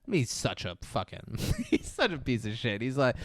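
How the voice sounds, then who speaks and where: A man's voice: mid-range voice, wildly swooping pitch, normal speed, hardly any pauses, dry recording, studio quality. A man co-hosting a podcast, retelling a movie in casual chat and acting out the characters' lines with plenty of swearing. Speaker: podcast co-host. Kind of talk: casual film recap chat.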